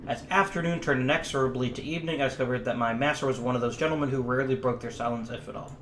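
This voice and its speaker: An earnest young French valet narrates his travels with a put-on French accent, read by a man. The reading is steady and plain, in the manner of a storybook. The room rings with echo, and a faint hiss sits beneath the voice. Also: mid-range voice, rapid-fire, lightly acted. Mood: reflective. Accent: attempted French accent. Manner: reads first-person narration aloud.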